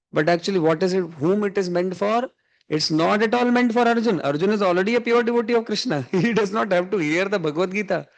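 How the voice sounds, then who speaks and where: A man with an Indian English accent telling a story during a spiritual class, chuckling often and mixing in Hindi words. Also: high-pitched. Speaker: spiritual teacher. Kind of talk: storytelling sermon. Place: evening class.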